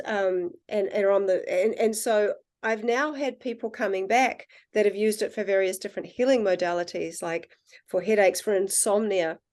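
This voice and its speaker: A woman guest in casual conversation, telling animated stories and acting out the dialogue. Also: mid-range voice. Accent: non-American accent, self-described. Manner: animated storyteller, acts out quoted dialogue. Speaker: guest, water researcher.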